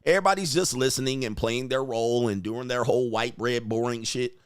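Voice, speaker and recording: A man's voice: mid-range voice, brisk, clear, resonant tone, no echo, clean studio sound. A man hosting his own stream, giving blunt, mocking commentary while reacting to a clip. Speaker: host.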